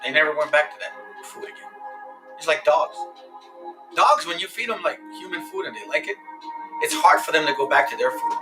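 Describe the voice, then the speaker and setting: A man's voice: fairly high pitch, low-quality recording. A man reading scripture aloud and explaining it in a casual, conversational teaching style. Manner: lively, conversational, explains with examples.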